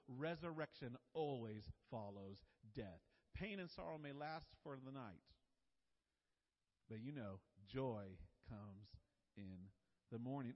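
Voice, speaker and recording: A male pastor preaching a sermon emphatically, with big swings between loud and soft and fast and slow. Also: medium pitch, animated. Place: church sanctuary. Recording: dull recording with long church reverb.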